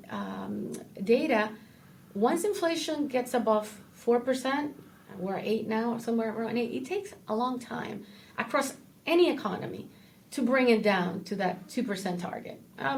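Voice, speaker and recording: A woman who is a portfolio manager, a guest in an interview, explaining things in a measured way. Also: a little high, vocal fry, a little mellow, a little hiss or hum. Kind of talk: casual interview.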